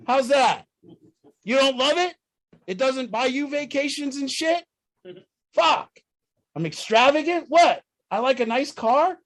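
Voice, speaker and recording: A high-voiced man leads a recovery group talk. He is blunt and profane, pushing his listeners with rhetorical questions and getting louder and higher when he is worked up. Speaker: group leader.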